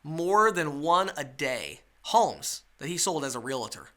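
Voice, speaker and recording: A man's voice: on the high side, sing-song, measured pace, sharp tone. A man teaching a webinar sales lesson, coaching his listeners and checking in with rhetorical questions. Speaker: sales trainer.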